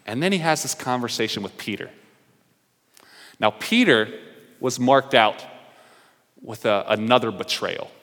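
A man's voice: mid-range voice, fairly bright tone. A man preaching from the pulpit, voicing each character's lines as he tells the story. His voice sits in a mid range. A long hall reverb trails after his words. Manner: storytelling preacher who acts out the characters' dialogue. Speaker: pastor. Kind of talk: sermon.

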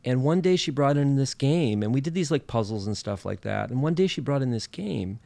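Halting, laughing man from Minnesota. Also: mid-range voice, animated, vocal fry, mellow, no echo. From northern Minnesota. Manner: halting, many fillers and restarts, laughs often. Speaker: podcast guest. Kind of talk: casual storytelling chat.

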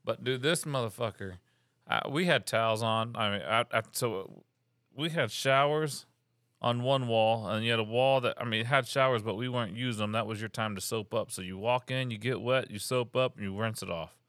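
A man telling Coast Guard boot camp stories in animated, heavily profane casual chat. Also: medium pitch, normal speed, dry recording, studio quality. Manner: animated, heavy cursing, acts out quotes. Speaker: podcast host, Coast Guard veteran. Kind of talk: casual storytelling.

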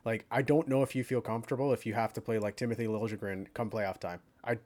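Animated rambling sports-talk guy. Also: on the low side, quick pace. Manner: rambling, animated, many fillers. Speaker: podcast co-host. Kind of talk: casual sports chat.

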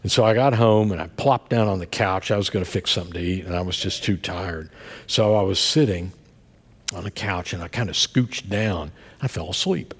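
A middle-aged male pastor preaching and telling a story to his congregation, swinging between soft murmurs and loud outbursts. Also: low-pitched, moderate pace, slightly rough. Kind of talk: sermon. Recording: long hall reverb.

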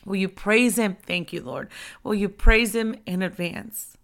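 Female preacher, gravelly edge and bright tone, fervent and chatty, builds to shouting. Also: medium pitch, measured pace. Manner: fervent, conversational, rising to shouts. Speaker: ministry preacher. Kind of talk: impassioned devotional talk. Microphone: handheld microphone.

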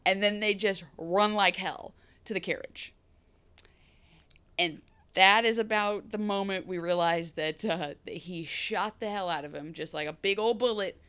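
A woman's voice: mid-range voice, a little slow, a bit bright, smooth. Playful female co-host, jokes freely, slips into funny character voices. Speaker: podcast co-host. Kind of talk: casual chat recap.

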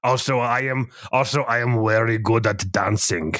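A man's voice: mid-range voice, fairly bright tone, no room sound, studio quality, lightly acted. A man voicing a huge, boastful male axe-wielding clan leader with an over-exaggerated made-up accent, in a tabletop game. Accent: over-exaggerated made-up mountain clan accent. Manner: boastful, halting.

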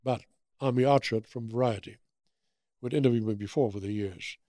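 A man in his eighties from Germany with a German accent, telling animated stories in an interview and acting out the quotes. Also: medium pitch, a little fast, dry recording, clean studio sound. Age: 80s. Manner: animated anecdotes with acted-out quotes. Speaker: guest. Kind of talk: storytelling interview.

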